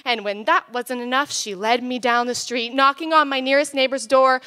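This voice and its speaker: A woman's voice: high-pitched, fairly even intonation, moderate pace, sharp tone, clean tone. A teenage girl performing a comic spoken word story as a student slam poet. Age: teens. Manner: storytelling, playful comic timing.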